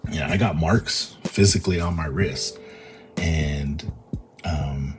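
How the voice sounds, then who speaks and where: A young man telling a personal story as a vlogger, halting and repeating himself with many fillers. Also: rumbling low, over music. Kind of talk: storytelling monologue.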